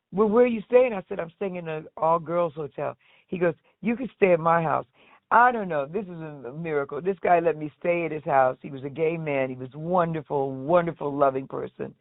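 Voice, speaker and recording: Woman, guest interview, lively storyteller, acts out quotes, thin phone-like sound, dry. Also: low voice, normal speed, no echo. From United States. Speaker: guest, singer. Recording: tinny phone-like line, dry.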